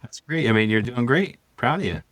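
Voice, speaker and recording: A man's voice: mid-range voice, expressive, fairly quick, fairly bright tone, no room sound. A man in a podcast conversation who affirms and encourages his partner and asks follow-up questions.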